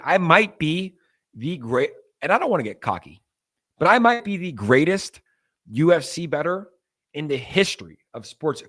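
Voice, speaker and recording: A young man hosting a crypto livestream, talking to viewers in a loose, animated, ranting way. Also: on the high side. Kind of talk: casual livestream talk.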